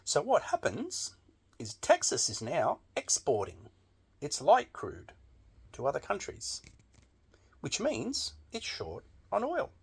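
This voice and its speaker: A man's voice: on the high side, huge pitch swings, takes it slowly, breathy edge. A man delivering a blunt, emphatic opinion monologue with frequent swearing. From Australia. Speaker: political commentator.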